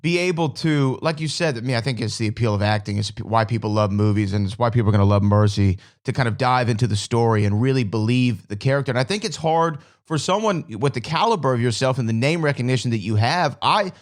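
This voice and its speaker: Male host, eager and complimentary, mid-pitched, plain delivery. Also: fairly quick, few pauses. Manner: enthusiastic, praising, with fillers. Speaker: interview host. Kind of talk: interview questions.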